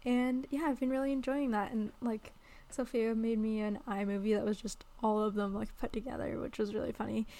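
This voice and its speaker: A woman's voice: fairly high pitch, little pitch movement, a little fast, few pauses, dark tone. A young woman co-hosting a podcast, chatting casually, laughing often and filling her talk with "like" and "um". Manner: chatty, laughs often, many likes and ums. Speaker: podcast co-host. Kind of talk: casual chat.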